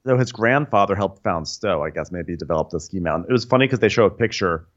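A man co-hosting a podcast, recapping a reality show in comedic chat with animated storytelling. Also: sits low, quick pace, highs cut off. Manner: animated storytelling, slips into silly impressions. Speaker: podcast co-host.

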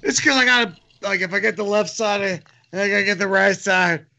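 A man rambling and giggling through casual podcast chat. His voice is high and tense with a gravelly edge. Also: fairly quick, bright, forceful tone.

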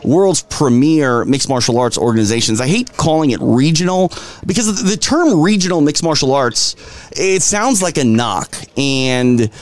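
A man's voice: on the high side, expressive, moderate pace. A man with a Minnesotan accent co-hosting a casual sports podcast, rambling through fillers and restarts. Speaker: podcast co-host.

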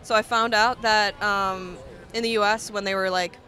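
A woman's voice: mid-range voice, steady tone, normal speed, bright, forceful tone. A woman from Russia with an American accent, chatting frankly and laughing easily in a casual street interview.

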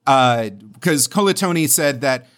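A young adult man co-hosting a casual podcast, telling stories in an animated, rambling way. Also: medium pitch, a little slow. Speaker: podcast co-host.

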